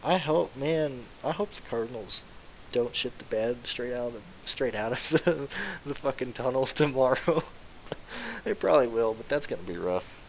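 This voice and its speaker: Young man, casual live-stream chat, rambling and excitable, mid pitch, faint hiss. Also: normal speed, vocal fry, low-quality recording. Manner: rambling, excitable, swears freely. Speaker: fantasy sports streamer.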